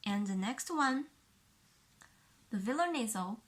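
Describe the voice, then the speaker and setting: Slow-paced woman teacher with Chinese accent. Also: fairly high pitch, lively intonation, fairly bright tone. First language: Mandarin Chinese. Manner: slow, careful explanation, repeating each sound for the learner. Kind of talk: pinyin pronunciation lesson.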